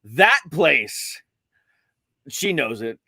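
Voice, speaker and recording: Guy from ohio cohosting a podcast, bright voice, pitch all over the place, cursing and joking. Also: sing-song, extremely slow, no echo, studio quality. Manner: swearing, joking, does loud voices of relatives. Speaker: podcast co-host. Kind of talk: casual chat.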